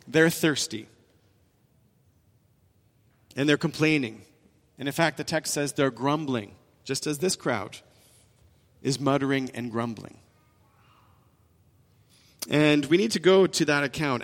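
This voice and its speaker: Man preaching in a reverberant hall. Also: on the high side. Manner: emphatic preaching with rising and falling emphasis. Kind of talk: sermon. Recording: long reverb in a large hall.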